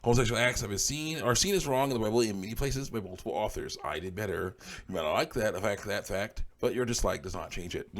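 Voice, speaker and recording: This online commentator has a fairly deep man's voice and a brisk delivery, with a faint hiss or hum on the track. Reading comments aloud, he shoots them down with curt, dismissive answers, laughing often in between.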